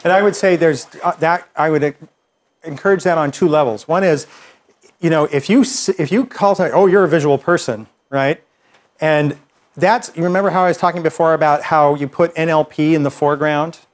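Male workshop instructor, slightly higher voice, easygoing explainer who talks through ideas with a live group. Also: a little fast. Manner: relaxed, conversational explaining with fillers and restarts.

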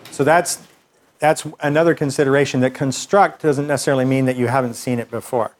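A man teaching a class, explaining ideas with examples and often restarting his sentences. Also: medium pitch. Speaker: instructor.

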